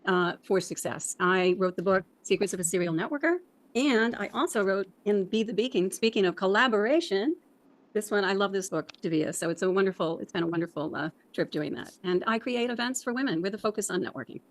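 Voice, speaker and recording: A woman's voice: mid-range voice, lively intonation, a little fast. Gushing woman guest on a video call. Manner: warm, gushing thanks. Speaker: guest, networking event host.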